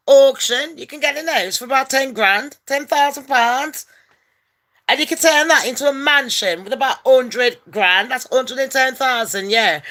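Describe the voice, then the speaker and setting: A woman hosts a casual gossip vlog, talking in a brash, profane, rowdy way that bursts into loud rants. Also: a little high. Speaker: channel host.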